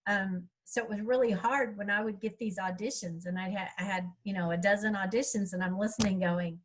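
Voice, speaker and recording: A middle-aged woman talks in a loose, rambling, chatty way. Her voice sits at an ordinary middle pitch for a woman. She is recorded over a video call. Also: fairly even intonation, a little fast, poor audio. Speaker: author speaking at a writers' workshop. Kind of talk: casual chat.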